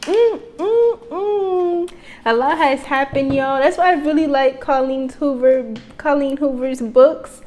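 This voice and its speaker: A woman's voice: sits high, level tone, moderate pace, few pauses, a little mellow, low-quality recording. A young woman chatting casually on camera in a reading vlog, gushing and exclaiming, humming along often. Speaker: book vlogger. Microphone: camera mic.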